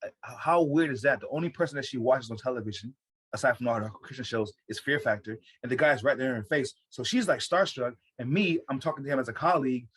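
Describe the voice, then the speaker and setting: A man's voice: mid-range voice, husky. An American man, a stand-up comedian, telling a story in casual chat, profane and full of restarts. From United States. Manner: fast, profane, animated storytelling with many restarts.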